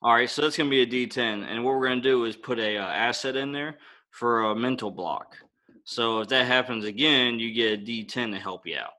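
A man acting as game master, explaining rules and narrating scenes in a relaxed way with many fillers. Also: mid-range voice, a little fast.

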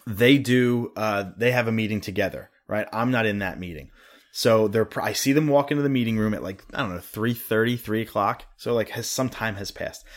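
A young adult man co-hosting a podcast, chatting casually and acting out quoted coworkers as he tells stories. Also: on the low side. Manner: storytelling, acts out quoted coworkers. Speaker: podcast co-host. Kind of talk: casual chat.

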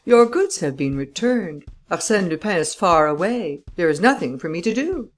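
A woman's voice: on the low side, sing-song, moderate pace, soft background music, pitched above the performer's own voice. A woman playing a dry, curt English detective. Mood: crisp. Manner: dry, crisp, clipped.

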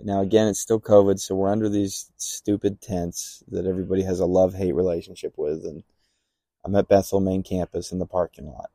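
Gravelly low-voiced young man telling a story. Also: fairly even intonation, fairly quick, dark tone, no room sound, clean studio sound. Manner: rambling, acts out remembered dialogue with many fillers. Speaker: podcast guest telling a testimony. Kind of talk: casual storytelling.

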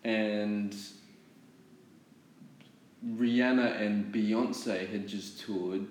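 A man's voice: on the low side, steady tone, very slow. An Australian man telling a story in casual chat, rambling with lots of fillers and laughing asides. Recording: roomy echoey room.

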